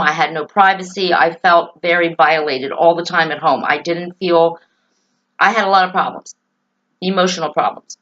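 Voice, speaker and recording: A woman's voice: on the low side, a bit bright, muffled recording. A woman vlogging to camera about her own life and opinions, earnest, emotional and opinionated. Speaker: political vlogger. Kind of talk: personal talk to camera.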